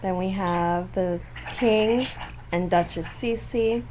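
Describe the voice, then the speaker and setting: A woman's voice: medium pitch, slow pace, darkish tone. Woman, gaming channel host, casual gameplay commentary, chatty, giggly, faint background noise. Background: faint neighbors outdoors.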